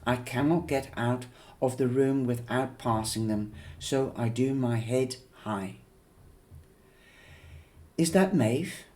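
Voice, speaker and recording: A man reading a novel aloud in a measured, unhurried way. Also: mid-range voice, steady tone, a little mellow. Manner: slow, measured, with occasional fillers and restarts. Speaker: audiobook reader.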